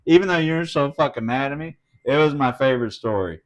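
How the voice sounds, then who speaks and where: A middle-aged man chatting casually as host of a live stream, telling a story with lots of swearing and acted-out quotes. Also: fairly quick. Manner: animated, swearing, acts out quotes with big pitch jumps.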